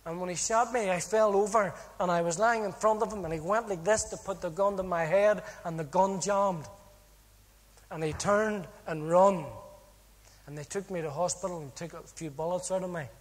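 Northern irish guy telling his testimony, really high voice, lively and funny, big echoey hall. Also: normal speed. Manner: animated, humorous storytelling with acted-out dialogue. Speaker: speaker giving a personal testimony. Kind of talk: storytelling testimony. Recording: long hall reverb.

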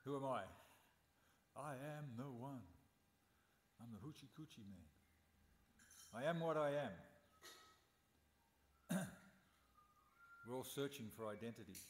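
A man's voice: mid-range voice, echoey room, in a large hall, a little hiss or hum. A man giving a scripture class at a temple, telling stories animatedly and posing rhetorical questions. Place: temple hall.

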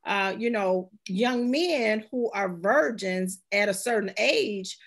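A woman guest, a sexual health expert, explaining her points in measured conversation, tying them together with "and so". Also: medium pitch. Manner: measured, chains points with "and so" and "you know".

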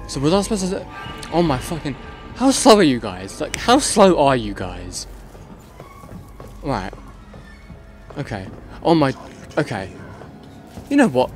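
A man's voice: on the high side, big pitch swings, measured pace, pauses often, over music. Frantic swearing man narrating gameplay. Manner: frantic, swearing, muttering to himself while playing. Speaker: gaming channel host. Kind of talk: let's play commentary.

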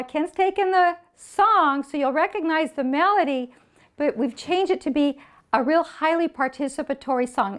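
A woman teaching a children's action song, explaining the steps in a playful way and making animal sounds for kids. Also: high-pitched. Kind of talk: friendly song demonstration.

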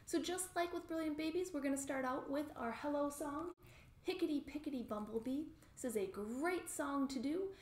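A woman's voice: on the high side, darkish tone, echoey room. A woman librarian leading a baby lap-sit storytime from home, talking cheerfully and singing rhymes. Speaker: children's librarian. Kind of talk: storytime lesson with songs and rhymes.

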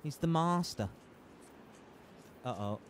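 A man giving casual, excitable commentary while playing a game with friends, laughing and exclaiming often. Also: a little high, slow pace. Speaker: gaming streamer.

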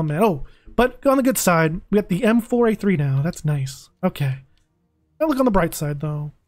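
A young man streaming a video game, talking casually and excitably, pleading with the game and groaning dramatically over a loss. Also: sits high, moderate pace, no echo, soft background music. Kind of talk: casual live-stream commentary.

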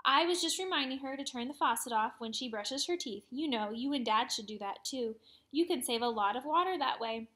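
A woman puts on a cheerful little first-grade boy in a storybook reading. He sounds keen and excited, with a high voice. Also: brisk. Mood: eager.

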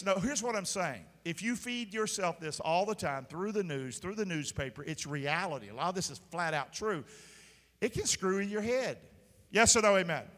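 A male pastor preaches a live sermon in a big church auditorium. His voice sits high and sounds bright and forceful. He is emphatic and keeps calling out to the congregation, and long hall reverb trails his words.

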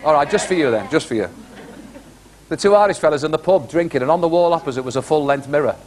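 Animated middle-aged male warm-up comic. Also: fairly high pitch, fast talker. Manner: chatty, animated storyteller, asks the crowd questions. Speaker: studio warm-up comedian. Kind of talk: stand-up joke telling to a live studio audience. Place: television studio before a live audience.

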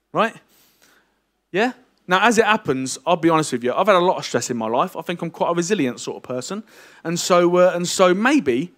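A middle-aged man preaching a lively, jokey sermon and teasing his congregation. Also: fairly high pitch. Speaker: pastor. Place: church hall.

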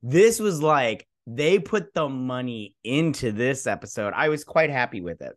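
A man's voice: mid-range voice, measured pace. A young man hosting his own channel, recapping and reviewing a TV episode in a rambling, casual way with lots of ums and likes. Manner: rambling, filler-heavy, animated retelling. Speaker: YouTube show host.

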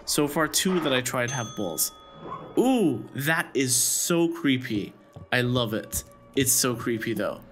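Chatty excitable gaming man. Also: mid-range voice, measured pace, over music. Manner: excitable, chatty, squeals with delight. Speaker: gaming YouTuber. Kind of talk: casual gameplay commentary.

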